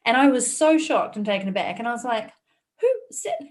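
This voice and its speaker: A woman with a New Zealand accent, a guest author telling stories in a lively, laughing way. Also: fairly high pitch, quick pace. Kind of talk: casual interview storytelling.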